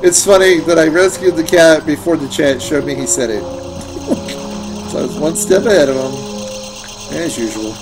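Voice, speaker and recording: A man's voice: fairly high pitch, normal speed, pauses often, rough recording. A man streaming a game, chatting casually with sarcastic, playful banter and free swearing while he plays. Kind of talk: casual gameplay chat. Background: game music.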